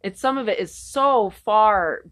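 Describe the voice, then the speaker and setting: A woman's voice: mid-range voice, lively intonation, unhurried, fairly bright tone. A woman co-hosting a casual chat, rambling and irreverent, swearing freely. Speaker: podcast co-host.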